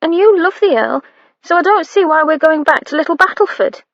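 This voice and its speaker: An eager young maid with a high, bright voice, earnest and fretful, as a woman narrator puts her on. She blurts out her questions. The storybook read is dry and a little muffled. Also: expressive, fairly quick, no echo.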